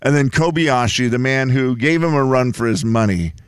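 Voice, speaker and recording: A man's voice: mid-range voice, moderate pace, smooth, no room sound, studio quality. A man hosting a morning radio show, teasing his co-host and producer in casual banter. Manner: joking, teasing, chatty.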